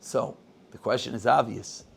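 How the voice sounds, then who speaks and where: With a mid-range voice, some vocal fry, and a normal speed, this man preaches as a rabbi, acting as a lively storyteller who quotes the people in his tale with growing intensity.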